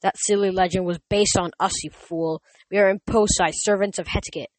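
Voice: mid-range voice, steady tone, moderate pace, no echo, lightly acted, low-quality recording. A reader voicing a cruel, mocking female demon cheerleader who is centuries old, with a taunting, sneering delivery, in a dry recording. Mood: menacing. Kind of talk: audiobook reading.

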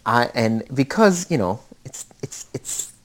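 A man's voice: medium pitch, big pitch swings, measured pace. A man co-hosting a casual movie podcast, rambling with lots of fillers and swearing freely. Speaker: podcast co-host. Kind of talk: casual chat about movies.

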